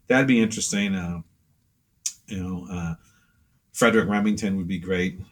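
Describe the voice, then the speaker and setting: With a deep voice and steady, moderate delivery, this pastel artist chats casually in an interview. His stories meander, packed with fillers, and he performs the quoted lines of others.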